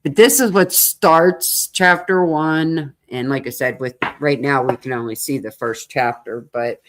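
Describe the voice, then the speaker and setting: A woman's voice: a bass voice, measured pace. A woman co-hosting a true-crime podcast, talking in an eager, thoughtful way and trailing off mid-sentence. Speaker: podcast co-host. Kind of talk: casual true-crime discussion.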